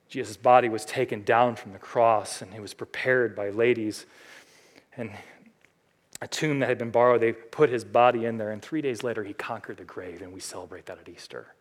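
A male pastor preaches a sermon, building to loud, high climaxes and then dropping into quiet, earnest passages.

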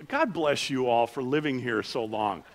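A middle-aged man preaching a sermon in church, telling personal stories with self-deprecating humor and dropping soft and low for quiet moments. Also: expressive, moderate pace. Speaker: pastor.

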